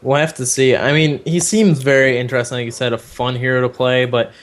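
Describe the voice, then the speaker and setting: A man co-hosting a casual gaming podcast, thinking aloud and pausing with fillers as he searches for names. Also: mid-range voice, steady tone. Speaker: podcast co-host.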